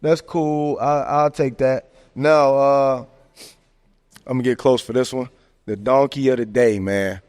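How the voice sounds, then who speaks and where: A man hosting a podcast, giving casual sports commentary in a slangy, animated rant full of fillers. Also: mid-range voice, a little slow. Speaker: podcast host. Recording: long echoing reverb.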